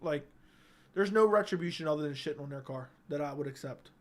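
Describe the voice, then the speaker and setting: A young man with a high, light voice hosts a relaxed livestream. He talks into a close studio microphone, reading viewer comments aloud and joking between them. His delivery stays easygoing and conversational. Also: fairly quick. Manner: laid-back, reads chat aloud, joking. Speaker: livestream host. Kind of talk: casual livestream chat. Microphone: studio dynamic mic.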